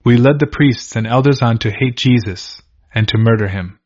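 A man's voice: mid-range voice, normal speed, darkish tone, lightly acted. A man voicing a scheming male devil as he gives orders to his followers, read in a plain, commanding way. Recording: dull lo-fi recording.

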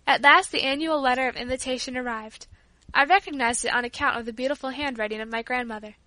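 A woman narrates a storybook with clear, even delivery. Her voice sits high and bright, recorded close and dry with no room sound. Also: fast, no echo. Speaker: audiobook reader. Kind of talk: scripted narration.

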